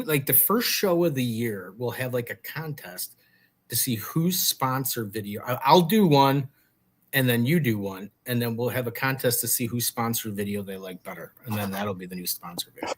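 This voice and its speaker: A man's voice: mid-range voice, lively intonation, moderate pace. A man co-hosting a live chat show, joking and giving showy introductions. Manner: jokey, theatrical introductions. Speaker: co-host. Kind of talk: casual livestream banter.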